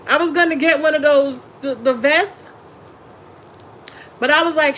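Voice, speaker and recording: Woman tarot reader, slow and drawn out, slangy live-stream chat, quick to laugh. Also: high-pitched, lively intonation, a bit bright, a little hiss or hum, rough recording. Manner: chatty, laughs often, slangy and blunt. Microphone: phone or webcam on a live stream.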